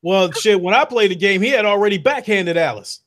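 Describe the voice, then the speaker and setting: A man, calmly recounting his playthrough in a casual chat. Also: high voice, a little fast. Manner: relaxed, laughs along, recounts gameplay.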